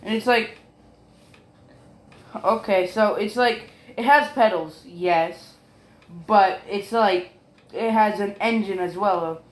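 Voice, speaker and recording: In a high voice, a man slowly and unhurriedly rambles through a fan-made story, full of curses, ums and quick apologies. The recording sounds roomy and echoey.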